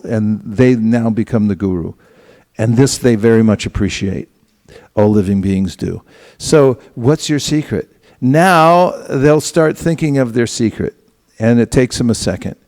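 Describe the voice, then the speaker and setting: A man's voice: mid-range voice, measured pace, a little mellow. A man teaching a seminar group, acting out little dialogues with casual asides. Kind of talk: instructional talk to a group. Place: temple hall.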